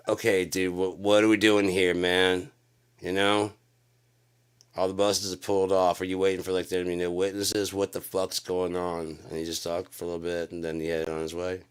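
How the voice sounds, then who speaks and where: A man's voice: low voice, flat delivery, fairly quick, smooth. A middle-aged man rambling through a profane, casual late-night story, acting out the other people's voices. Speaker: channel host telling a story.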